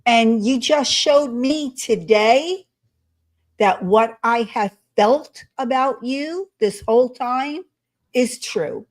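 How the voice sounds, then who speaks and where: A woman's voice: on the high side, takes it slowly. A woman co-hosting a live trial commentary stream, speaking indignantly and emphatically, with the hiccups. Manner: indignant, emphatic, addresses people directly. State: has the hiccups.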